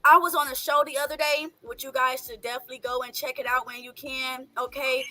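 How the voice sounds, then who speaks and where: A woman, a mother, talking in an excitable, emphatic way with some profanity in casual chat. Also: high-pitched, brisk, no room sound. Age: adult mother.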